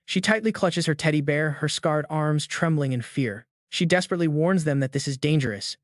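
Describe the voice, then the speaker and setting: A man's voice: fairly high pitch, brisk, no room sound. Man narrating a story recap, dry.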